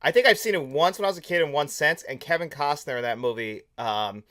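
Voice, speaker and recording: A man's voice: fairly high pitch, lively intonation, brisk, fairly bright tone. A man from North America co-hosting a film podcast in casual chat, laughing often and swearing casually. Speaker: podcast co-host.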